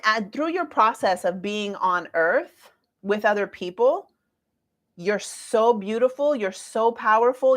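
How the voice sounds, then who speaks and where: A woman in her forties talks casually about astrology in a chatty, playful way. She keeps up a lively stream of asides as she explains to her viewers. Her voice sits at a middling pitch. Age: 40s.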